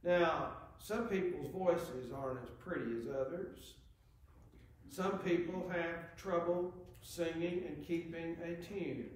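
A man's voice: a little high, slow pace, darkish tone. A man preaching a sermon, earnest, reading scripture aloud with rising emphasis. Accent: Southern American. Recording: very echoey church hall.

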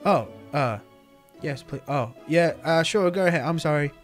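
A man with a high voice hosts a casual game roleplay and plays his own character. He talks in an excitable, slangy way and keeps calling the others dude and man. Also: moderate pace, faint music behind. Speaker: roleplay series host playing himself. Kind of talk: Minecraft roleplay chat.

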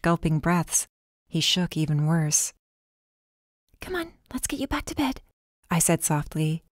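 A woman narrating a first-person audiobook in a calm, measured way. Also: low voice, no echo, studio quality.

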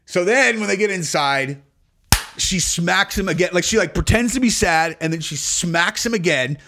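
A man in his forties hosts a podcast and tells a long, rambling story, swearing freely and breaking into laughter. His voice sits a little higher than most men's. He speaks casually, with many fillers. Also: expressive, normal speed, noisy background. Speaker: podcast host.

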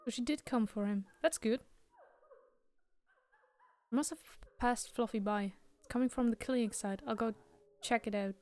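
A woman's voice: on the high side, moderate pace, long pauses, a little mellow, lightly acted. A woman reading as an anxious young hero. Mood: wondering. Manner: reading game dialogue aloud.

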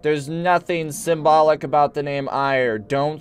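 A man's voice: a little high, unhurried. A man streaming a strategy game, joking and barking orders at his units with playful mock belligerence. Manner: giggly and excitable, mock-belligerent. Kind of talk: live gameplay commentary.

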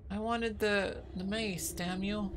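A woman's voice: medium pitch, fairly even intonation, takes it slowly, background noise. A woman streaming a game, chatting casually with crude, sarcastic jabs at the characters.

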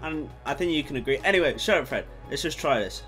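A nineteen-year-old British man chatting casually to camera in a home vlog, rambling, excitable and swearing freely. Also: a little high, fast talker, faint music behind. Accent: British English. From Britain. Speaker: YouTuber. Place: home room at night.

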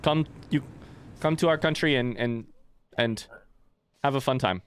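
A man hamming up a gruff Russian-accented border guard. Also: medium pitch, a little slow, heavy background noise, natural voice. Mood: mock-stern. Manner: hammy, jokey put-on accent.

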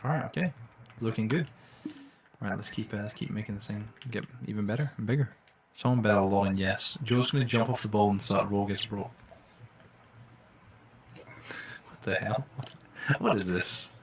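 A man doing casual live-stream commentary while playing a game, jokey and excitable, swearing when startled. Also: lowish voice, fast, a little hiss or hum.

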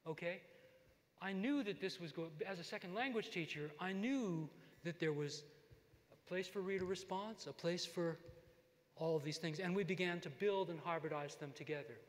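An older man giving a lifetime achievement talk, telling stories from his career in an animated way with asides to the audience. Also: high voice, normal speed. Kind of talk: lecture with personal stories. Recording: long hall reverb.

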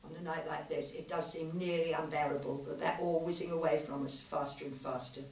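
Woman author giving a measured, expressive live reading of her own story, voice picked up from a distance in a roomy hall with faint ambient noise. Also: low voice. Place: literary festival venue, live audience. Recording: echoey hall, mic far off, faint ambience.

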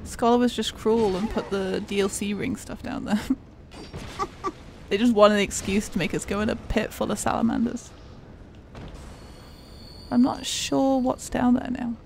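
A woman's voice: fairly high pitch, steady tone, measured pace, vocal fry, pauses often, darkish tone, a little hiss or hum. A woman giving casual, jokey commentary while playing a video game, laughing often. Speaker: gaming streamer.

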